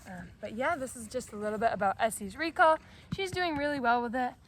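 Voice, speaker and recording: High-voiced woman dog trainer, dogs barking nearby. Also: fairly quick, a little hiss or hum. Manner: switches to loud high-pitched praise when calling the dog. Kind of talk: training demonstration with explanation. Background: other dogs barking.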